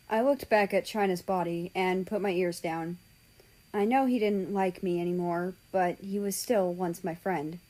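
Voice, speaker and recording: Slow, measured woman storyteller. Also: on the low side, mellow, rough recording. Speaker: story reader. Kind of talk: reading a fan story aloud.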